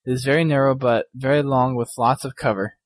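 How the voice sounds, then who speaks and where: A man's voice: medium pitch, fairly even intonation, a little fast, dry recording. A young man co-hosting a casual gaming podcast, reading listener emails in a laid-back way. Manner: laid-back, laughs often. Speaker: podcast co-host.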